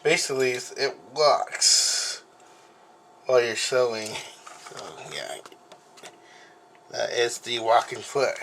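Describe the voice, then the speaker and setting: A man hosting a casual unboxing vlog at home, talking in a rambling, halting way with many fillers and apologies, recorded on the camera mic. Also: medium pitch, sharp tone, a little hiss or hum. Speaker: video host.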